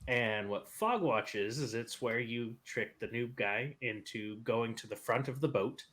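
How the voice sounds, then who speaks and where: A bright, clear man's voice at an ordinary pitch, chatting easily with friends. He tells his story in a loose, animated way and laughs at his own punchlines. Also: a little slow. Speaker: podcast panelist. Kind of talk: casual storytelling.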